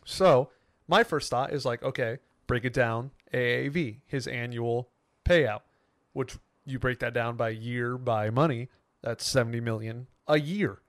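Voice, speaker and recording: A man's voice: mid-range voice, no echo, studio quality. A young man co-hosting a podcast, chatting casually and animatedly, often laughing. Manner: animated, laughs often, talks fast when excited. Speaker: podcast co-host.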